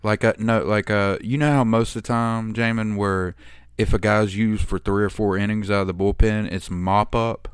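A man hosting a casual sports podcast, talking in a relaxed, rambling way with plenty of fillers. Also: on the low side, normal speed, clean tone, no echo, studio quality. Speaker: podcast host.

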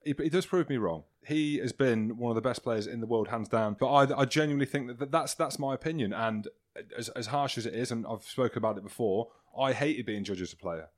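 A man's voice: medium pitch, a little fast, few pauses. A man co-hosting a podcast in casual banter, teasing and self-mocking as he rambles. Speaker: podcast co-host.

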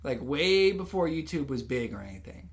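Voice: mid-range voice, very animated, normal speed. An enthusiastic podcast co-host in casual chat. This host eagerly shares trivia and fun facts from prepared notes.

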